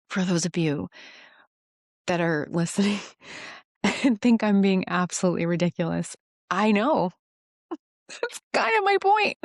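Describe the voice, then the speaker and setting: A woman giving a rambling, earnest faith testimony, self-deprecating and quick to laugh at herself. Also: lowish voice, darkish tone, dry recording, clean studio sound. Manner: halting restarts when emotional. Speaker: Christian devotional vlogger.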